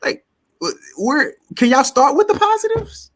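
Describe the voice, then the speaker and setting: A man's voice: very high-pitched, huge pitch swings, normal speed, a bit bright, no room sound, studio quality. A man in a laid-back podcast chat who swears easily and laughs along.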